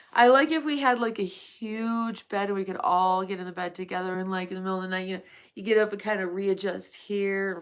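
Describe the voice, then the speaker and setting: A woman live streaming at night, chatting casually with viewers and calling them honey and darling. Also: mid-range voice.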